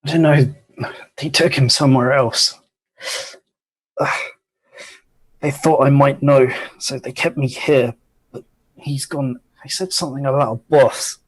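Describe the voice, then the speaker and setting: A man voicing an injured, weakened bodyguard freed from a cage, speaking haltingly. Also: medium pitch, fairly even intonation, slightly rough. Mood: weak. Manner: weak, halting. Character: battered, weak human bodyguard prisoner, man.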